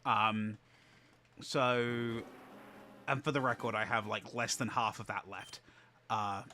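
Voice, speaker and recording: A man with a bright, forceful voice talking over a stream. He rambles calmly, circling back to fix his phrasing as he goes. A faint room noise sits under him. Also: fairly low pitch, slow pace. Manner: rambling, calm, self-correcting. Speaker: streamer co-host. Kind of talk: casual chat.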